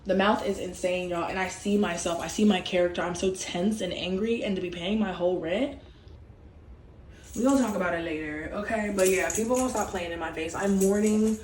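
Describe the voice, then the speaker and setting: A young woman venting to her viewers in a frustrated, animated way, speaking. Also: medium pitch, fairly quick, a little hiss or hum. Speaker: vlogger. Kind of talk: casual venting monologue. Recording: echoey room, some distance from the mic.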